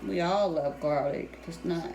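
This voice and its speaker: A woman's voice: fairly low pitch, a little slow, dark tone. A young woman chats casually while she cooks at home with her daughter. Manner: casual, talks to viewers as "y'all" while correcting her child. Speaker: vlogger cooking with her daughter. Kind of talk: casual home cooking vlog chat. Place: home kitchen. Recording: echoey room with clear noise.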